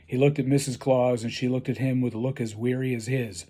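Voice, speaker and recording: A man reading his own short story aloud, in a dry, deadpan delivery. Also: mid-range voice, fairly quick.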